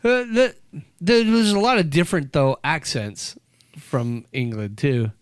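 A man with a smooth, resonant voice and a fairly high pitch for a man co-hosts a casual podcast. He chats loosely and jokes a lot, recorded dry and close to the mic. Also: measured pace, no room sound. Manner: jokey, slips into mock voices. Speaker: podcast co-host. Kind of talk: casual chat.

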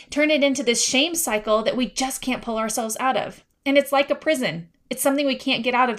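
A woman in her thirties hosting a faith-based parenting podcast, talking in an earnest, confiding way and reading scripture aloud. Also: high-pitched. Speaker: podcast host.

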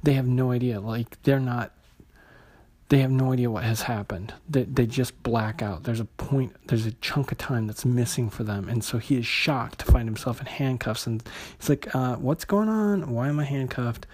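Man, husky, comic book reviewer, casual and hesitant, stops and restarts often. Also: medium pitch, steady tone, normal speed, darkish tone. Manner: hesitant, many fillers and restarts.

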